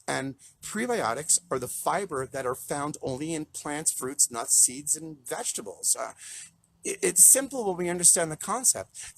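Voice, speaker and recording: Brief: tearful, earnest man on a live stream, gravelly and husky, rambling and choked up. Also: mid-range voice, a bit bright. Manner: earnest, rambling, repeats himself when moved. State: choked up, near tears. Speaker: plant-based chef and counselor. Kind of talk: emotional live-stream talk to followers. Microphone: live video call.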